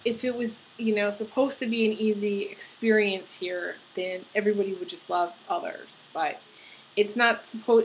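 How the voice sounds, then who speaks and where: A woman giving a tarot horoscope reading, earnest and halting, with many fillers and restarts. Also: mid-range voice, a little hiss or hum, poor audio. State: getting emotional. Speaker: tarot reader.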